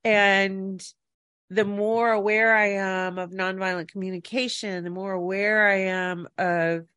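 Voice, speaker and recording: A woman co-hosting a talk podcast, chatting through a meandering personal story. She talks in loose, rambling bursts and often corrects herself mid-sentence. Her voice sits at an ordinary pitch and sounds close and dry, with no room echo. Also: fairly bright tone. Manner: rambling anecdotes with self-corrections. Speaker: podcast co-host. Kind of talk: casual storytelling chat.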